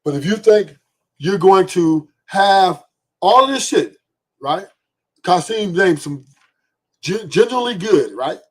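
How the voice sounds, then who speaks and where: Blunt, profane man with a husky voice. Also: high voice, expressive, slow pace, long pauses. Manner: blunt, profane, rhetorical "right?" asides. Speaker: podcast host. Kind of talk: opinionated podcast monologue.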